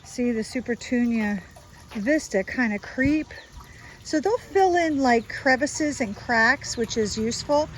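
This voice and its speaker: A woman's voice: on the high side, slight background noise, poor audio. A woman with a South Jersey accent giving a casual walking tour of her suburban garden, chatty and enthusiastic as she points things out.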